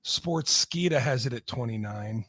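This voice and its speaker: A man's voice: mid-range voice, expressive, measured pace, a bit bright, no room sound. A man co-hosting sports radio with emphatic, opinionated takes. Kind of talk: casual sports talk.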